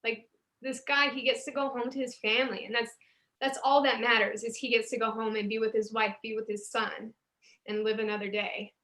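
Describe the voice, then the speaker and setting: Speaking a little fast, a woman paramedic supervisor uses a slightly high, pushed and bright voice with little pitch movement. In an online CPR class over Zoom, she shares earnest, emotional stories from her work, frequently restarting.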